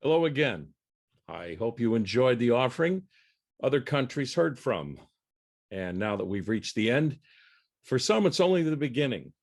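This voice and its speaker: A man's voice: mid-range voice, very animated, moderate pace. A man giving the closing address of a program as its host, in a friendly manner.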